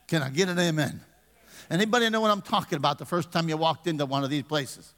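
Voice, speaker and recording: A man's voice: on the high side, fast talker, fairly bright tone, long reverb tail. A man in his fifties, a pastor preaching a conversational sermon with humor and questions to the congregation. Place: church sanctuary.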